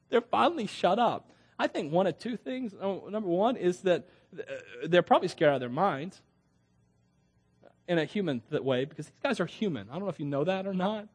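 A middle-aged man preaching a sermon in a conversational, animated way, with asides and laughter. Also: high-pitched, a little fast, husky.

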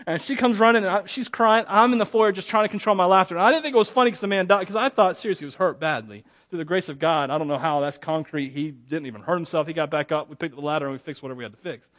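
A man's voice: on the high side, racing, few pauses. A man preaching a sermon, telling stories with lots of laughter and acting out the characters' lines. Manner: animated storytelling, laughs often, acts out voices. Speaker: pastor.

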